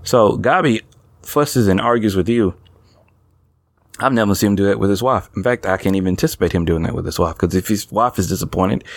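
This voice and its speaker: A man in casual conversation, talking thoughtfully and haltingly with many fillers. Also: low-pitched, no room sound. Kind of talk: casual chat.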